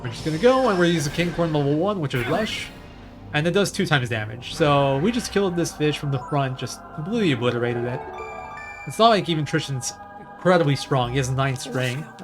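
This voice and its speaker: A man's voice: a little high, fairly quick. A man giving casual live commentary on his speedrun, chatting and thinking aloud while he plays. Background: game music.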